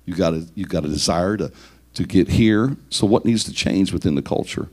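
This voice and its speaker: A man's voice: low voice, moderate pace, darkish tone. A man teaching church leaders, working through numbered points with rhetorical questions and repeated words.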